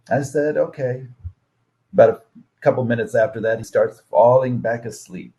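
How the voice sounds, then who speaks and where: A middle-aged man giving a keynote speech, telling stories and acting out quotes with a lively voice. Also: mid-range voice, moderate pace. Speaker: keynote speaker.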